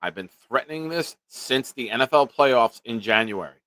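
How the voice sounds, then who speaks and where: A man's voice: medium pitch, animated, moderate pace, a bit bright, dry recording. A young man hosting a casual live-stream sports show, blunt and joking with his viewers. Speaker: show host.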